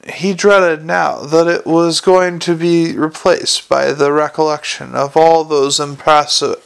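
A man's voice: fairly high pitch, gravelly, fairly bright tone. A man reading a comic fantasy novel aloud, with occasional slips and self-corrections. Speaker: narrator.

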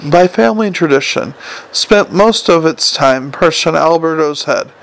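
A man narrating a comic novel for an audiobook in a wry, even storytelling manner. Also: a little high, measured pace, vocal fry.

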